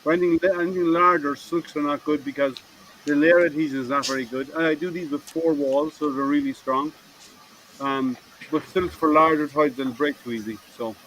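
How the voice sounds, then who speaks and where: A man's voice: a little high, fairly even intonation, brisk, a bit bright, a little hiss or hum, low-quality recording. Teasing, chatty man on a call. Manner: chatty, teasing, laughs often. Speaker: host of a group video hangout. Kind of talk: casual group chat. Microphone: video call.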